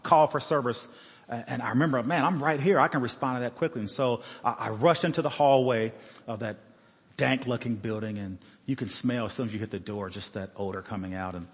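Man, husky voice, earnest halting storytelling, sermon testimony, long church reverb. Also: mid-range voice, a bit bright. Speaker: former police officer giving a sermon testimony. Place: church sanctuary.

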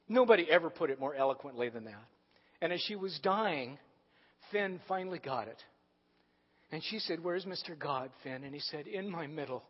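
Middle-aged male pastor with a high voice preaching a storytelling sermon, heard in a reverberant sanctuary. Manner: storytelling preacher, swinging between soft asides and emphatic lines. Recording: dull audio from a long-reverb hall.

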